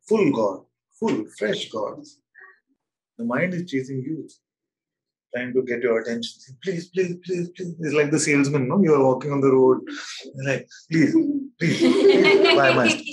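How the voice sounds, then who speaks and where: A man leading a spiritual satsang over an online call, speaking gently and slowly with frequent laughter. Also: mid-range voice, low-quality recording. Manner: gentle, slow and playful, laughs often. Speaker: spiritual teacher. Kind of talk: satsang talk. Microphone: video call.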